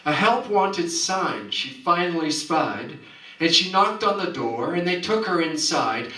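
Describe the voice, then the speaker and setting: A man's voice: on the high side, sing-song, unhurried, bright, forceful tone. A man at a community coffeehouse reciting a rhyming story poem with rhythmic, theatrical delivery. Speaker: performer. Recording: roomy hall, distant mic.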